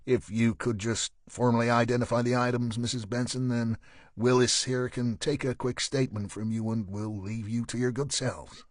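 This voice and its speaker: A man's voice: medium pitch, level tone, moderate pace, no echo, close to an everyday voice. A male narrator playing a police sergeant who questions a suspect in a dry, pointed way. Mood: probing.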